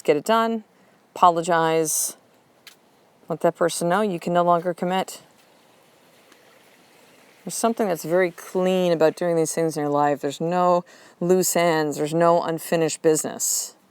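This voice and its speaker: A woman's voice: on the low side, clear, resonant tone, no room sound. Blunt, profane woman podcast host. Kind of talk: motivational podcast monologue.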